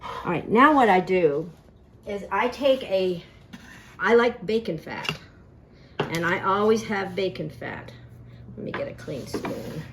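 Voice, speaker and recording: A woman's voice: mid-range voice, animated, slow, long pauses, background noise. A woman hosting a casual cooking demonstration in a home kitchen, chatty and folksy, telling family stories as she works. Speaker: cooking show host.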